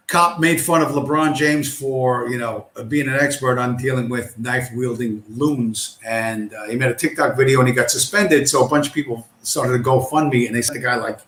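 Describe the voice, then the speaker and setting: A man's voice: mid-range voice, fairly bright tone. A man hosting a livestream, ranting in a profane, scornful and combative way. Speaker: livestream host. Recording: roomy echo.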